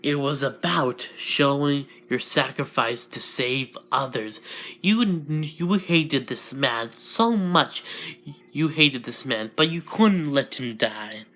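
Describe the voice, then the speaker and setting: Solemn ancient alien guardian, slow and preachy, unhurried delivery, read by a man. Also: mid-range voice, sharp tone. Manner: slow moralizing speeches with restarts.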